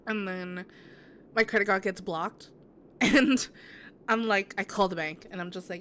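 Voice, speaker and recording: A woman's voice: medium pitch, a little slow, long pauses, a bit bright. Woman, game streamer, casual chat with viewers, sympathetic, rambling, faint background noise. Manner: sympathetic, answers chat messages; rambling with many restarts and "like". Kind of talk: casual live-stream chat while gaming.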